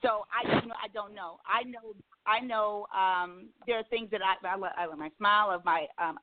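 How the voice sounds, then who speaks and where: A woman's voice: medium pitch, moderate pace, no echo. A female radio co-host in heated banter, rambling and hesitant with many restarts, over a tinny phone-like line.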